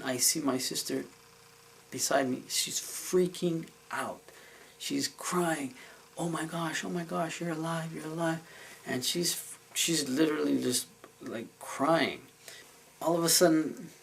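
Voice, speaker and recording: A man's voice: mid-range voice, vocal fry, slight background noise, rough recording. A man telling a dream story in a casual vlog, earnest and emotional, rambling with many fillers and restarts. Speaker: vlogger recounting a dream.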